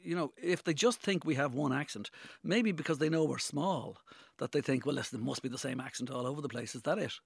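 Fast-talking Irish radio presenter, gravelly. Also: male voice, medium pitch, no room sound, clean studio sound. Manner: rambling, restarts sentences, chatty. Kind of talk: casual radio chat. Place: radio studio.

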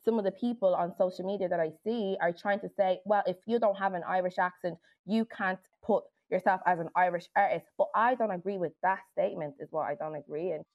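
A woman's voice: lowish voice, brisk, few pauses, dull audio. A woman musician speaking emphatically and forthrightly as a guest in a podcast discussion.

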